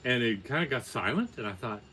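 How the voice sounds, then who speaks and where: A man's voice: medium pitch, a little fast, slight background noise. An older man telling a long story in a casual, plainspoken, matter-of-fact way. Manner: plainspoken, matter-of-fact, building to animated peaks. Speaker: podcast guest, storyteller.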